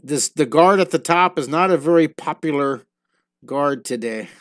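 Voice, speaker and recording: A man's voice: fairly high pitch, normal speed, a bit bright, no room sound, clean studio sound. Playful man teaching live drawing. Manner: playful, storytelling while drawing. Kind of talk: live online drawing lesson.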